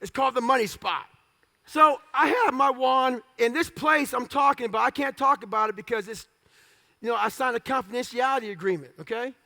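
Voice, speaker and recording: A man telling his life story as a motivational speaker, blunt and profane in punchy short phrases, now and then bursting out loudly. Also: extremely high pitch, brisk, vocal fry. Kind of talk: storytelling talk.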